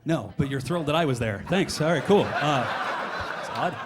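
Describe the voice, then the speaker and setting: A man's voice: a little high, expressive, normal speed, noisy background. A young adult man doing a stand-up comedy set in a comedy club, rambling through stories with exasperated asides.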